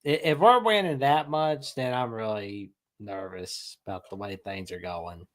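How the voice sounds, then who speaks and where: A man's voice: fairly low pitch, measured pace. Blunt man giving sports picks. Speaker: co-host. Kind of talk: casual sports talk.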